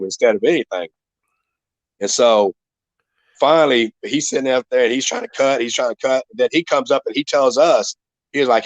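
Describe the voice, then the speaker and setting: A man's voice: medium pitch, normal speed, no room sound, muffled recording. Profane man telling a fight story. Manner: profane, rambling storyteller with restarts. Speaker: retired MMA fighter guest. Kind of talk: casual storytelling.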